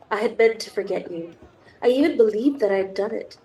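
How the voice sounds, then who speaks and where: A woman's voice: mid-range voice, brisk, warm tone, poor audio. A young woman with a cold, streaming a dating sim and reading its text aloud with chatty, gushing asides. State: has a cold. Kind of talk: reading game text aloud with casual commentary.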